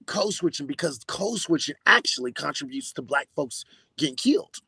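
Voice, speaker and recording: A man with a high, gravelly, husky voice rants in emphatic, profanity-laced bursts on a casual podcast. His voice sits close and dry, with no room around it. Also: sing-song, normal speed, pushed and bright, no room sound. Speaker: podcast host.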